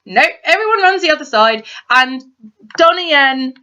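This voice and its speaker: A woman co-hosting a casual film review chat, retelling scenes with excited, animated delivery. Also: moderate pace. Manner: excitable, animated storytelling with big pitch swings. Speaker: podcast co-host. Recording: dull lo-fi home recording.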